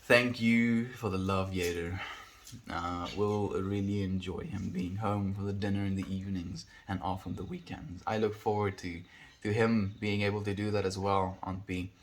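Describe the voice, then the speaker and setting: A man with a lowish voice chats casually on a live stream, answering viewer comments one by one. He speaks warmly and earnestly, leans toward spiritual ideas, and keeps calling his viewers "my friend.". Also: level tone, normal speed, slight background noise. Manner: warm and earnest, with a spiritual bent and frequent "my friend". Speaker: livestreamer.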